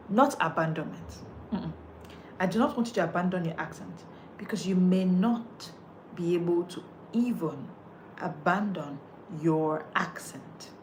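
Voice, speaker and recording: A woman's voice: fairly low pitch, a little hiss or hum. A woman, coaching listeners on how they speak, emphatic and repetitive as she drives each point home. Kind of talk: motivational coaching talk.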